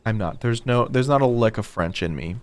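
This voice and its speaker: A man's voice: on the low side, lively intonation, a little fast. A man streaming a video game, rambling and chatty, often mocking himself. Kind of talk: casual gameplay commentary.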